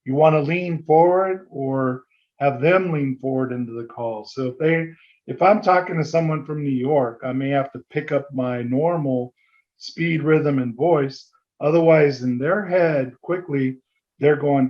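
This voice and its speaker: A man giving a fast-paced, conversational business training presentation at a chamber meeting, sometimes acting out sample phone dialogue. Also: medium pitch, lo-fi sound. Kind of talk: seminar presentation.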